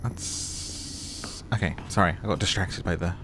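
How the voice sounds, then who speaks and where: A man casually commenting on his gameplay, a little hoarse from allergies and muttering his reactions. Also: deep voice, fairly even intonation, unhurried, noisy background. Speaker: gamer. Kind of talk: casual let's play commentary. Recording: game music loud behind voice.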